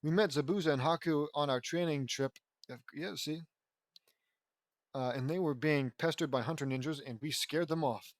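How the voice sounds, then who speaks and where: A man reads fan fiction aloud in a loose, casual way, tripping over words and stopping for profane, joking side comments. His voice sits a bit high. The sound is close and dry. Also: normal speed, no room sound. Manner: stumbling, swearing, joking asides. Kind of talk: casual audiobook reading.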